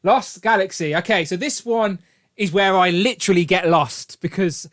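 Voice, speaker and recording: A man's voice: high voice, moderate pace, a bit bright. Chatty man hosting a live stream. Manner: chatty, jokey, reads out chat comments. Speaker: host. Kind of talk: casual live-stream chat.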